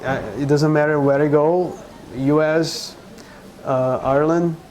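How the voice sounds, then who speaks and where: Earnest Brazilian man with a mellow voice. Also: on the high side, fairly even intonation, rough recording. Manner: earnest, halting with many restarts. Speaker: guest. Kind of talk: conversational interview.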